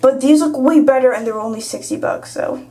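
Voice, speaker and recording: A woman's voice: sits high, fast talker, warm tone. A teenage girl vlogging in casual chat, rambling through a story with lots of "like" and sounding exasperated as she vents. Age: teens. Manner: rambling storytelling, heavy use of "like"; exasperated, venting.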